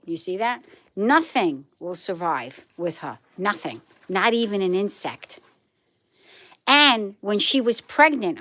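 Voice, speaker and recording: A woman's voice: medium pitch, a bit bright. A middle-aged woman with a Brooklyn accent, chatting casually with viewers on a livestream, emphatic and repeating herself. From Brooklyn, New York. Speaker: livestream host. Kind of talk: casual live chat with viewers.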